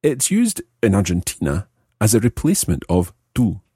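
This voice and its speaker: Male podcast language teacher, low husky voice, dry close mic, patient explainer. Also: sing-song, dark tone, no room sound. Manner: explains slowly, repeats example phrases.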